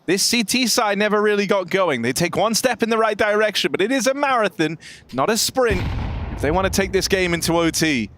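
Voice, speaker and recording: A man's voice: high-pitched, expressive, brisk, fairly bright tone, slight background noise. A man casting a live esports match on a headset mic, full of playful, jokey banter. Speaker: esports caster. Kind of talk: live game commentary.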